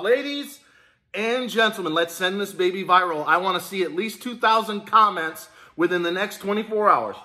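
An American man hosts his own small business vlog and speaks straight to his viewers. His voice sits high and sounds bright and ringing. He rallies the audience with hype and lets his feelings show. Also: normal speed. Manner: hyped, rallying, talks straight to viewers. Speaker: small business video host. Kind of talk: casual emotional vlog.

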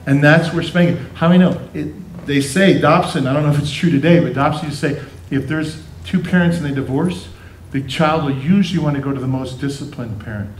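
A man's voice: a little high, a little fast, few pauses, a little hiss or hum. A middle-aged man preaching a sermon to his congregation, telling family stories with playful asides and acting out voices. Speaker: pastor. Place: church sanctuary. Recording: roomy church sound from a distance.

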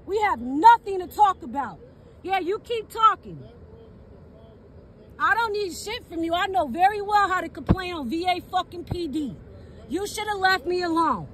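A woman with a very high voice confronts officers outdoors at night, filming on her phone. She repeats herself and swears, with faint street noise and passing cars around her. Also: expressive, moderate pace, a bit bright. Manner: angry, repetitive, profane. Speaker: citizen recording a police encounter. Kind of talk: angry confrontation filmed on a phone. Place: outdoors in a parked car at night.

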